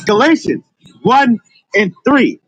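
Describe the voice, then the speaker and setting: A man slowly and carefully reading scripture aloud. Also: extremely high pitch, very animated, slightly rough, no room sound, rough recording. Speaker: scripture reader.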